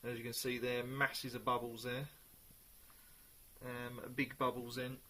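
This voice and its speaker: A man reviewing a beer in a casual, chatty way, sometimes pausing to search for the right words. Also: mid-range voice, monotone, sharp tone, a little hiss or hum.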